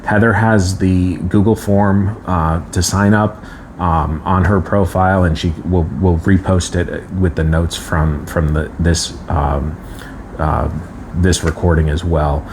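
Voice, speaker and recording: A man co-hosting a live stream, earnest and halting, with many restarts. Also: sits low, level tone, a little mellow, slight background noise. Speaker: co-host.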